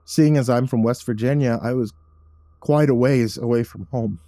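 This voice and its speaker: A man narrating a horror story in a measured, somber storytelling manner. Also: mid-range voice, dark tone, dry recording, clean studio sound.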